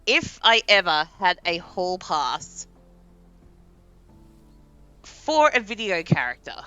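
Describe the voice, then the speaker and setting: A young woman streaming a game and chatting casually, animated and laughing often. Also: lowish voice, takes it slowly, clear, resonant tone, dull audio, faint music behind. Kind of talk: casual live-stream chat.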